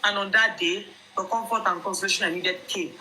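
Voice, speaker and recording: A young Nigerian woman with a Nigerian accent telling viewers her own story in an emphatic, animated way. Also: mid-range voice, a little fast, a little hiss or hum, low-quality recording. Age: young adult.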